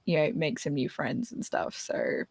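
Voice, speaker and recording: A young woman hosting a casual chat, candid and animated, laughing often. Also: low voice, moderate pace, vocal fry, breathy edge, no room sound, faint music behind. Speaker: podcast host.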